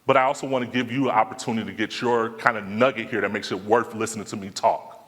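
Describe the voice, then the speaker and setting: A man's voice: lowish voice, fairly even intonation, quick pace, a bit bright. A man speaking casually in slang, answering audience questions at a live talk. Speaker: conference speaker. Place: conference hall. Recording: long hall reverb.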